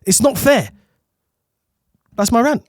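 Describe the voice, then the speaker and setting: A man's voice: extremely high pitch, lively intonation, slow, no room sound, studio quality. A man, co-hosting a football chat show and ranting in an exasperated, teasing way. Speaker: podcast co-host. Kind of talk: heated football rant.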